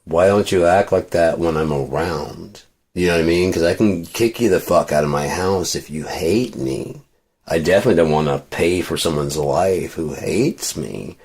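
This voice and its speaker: A man's voice: low-pitched, normal speed, darkish tone, slightly rough. A man venting in a rambling, profane monologue with many restarts. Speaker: vlogger.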